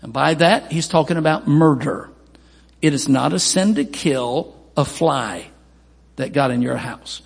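A man's voice: a little slow, gravelly, slightly rough. A man preaching a sermon as pastor, emphatic, with Scripture readings and quoted asides. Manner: emphatic preaching, voices quoted people in a raised pitch. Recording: long hall reverb.

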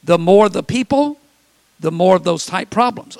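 A pastor delivering a lively sermon, acting out the whiny voices of complaining people. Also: male voice, high voice, normal speed, creaky, no room sound. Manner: preaching with mimicked complaining voices.

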